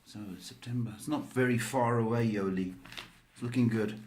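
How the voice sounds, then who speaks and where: A man doing a live-streamed psychic card reading, answering viewers slowly, with many ums and pet names like baby and sweetheart. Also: medium pitch, fairly even intonation, a little mellow, slight background noise.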